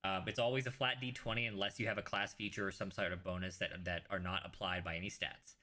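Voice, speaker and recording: Bright-voiced male game master, low-pitched. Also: little pitch movement. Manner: casual, halting with fillers and restarts. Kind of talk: narrating a tabletop game.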